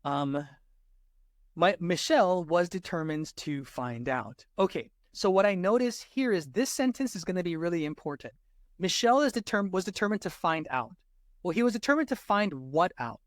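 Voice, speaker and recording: High-voiced man tutoring, says right a lot. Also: no echo, studio quality. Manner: says "right?" often, restarts mid-word. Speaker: test prep tutor. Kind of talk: walkthrough lesson.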